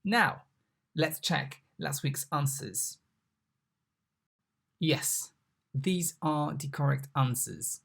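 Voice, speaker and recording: A language mentor giving a recorded online lesson, patiently repeating each example word slowly. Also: medium pitch, vocal fry, fairly bright tone.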